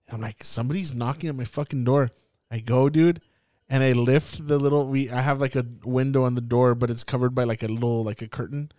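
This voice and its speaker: A young man hosting a podcast, telling a story in a casual, profane, animated way and acting out the scenes. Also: medium pitch, a little fast, dry recording, studio quality. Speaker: podcast host. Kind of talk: casual chat.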